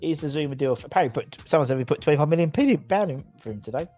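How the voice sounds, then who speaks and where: A man's voice: a little high, lively intonation, racing, darkish tone, soft background music. A man hosting a casual football fan chat show, rambling through stories and reading out viewer comments. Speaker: podcast host.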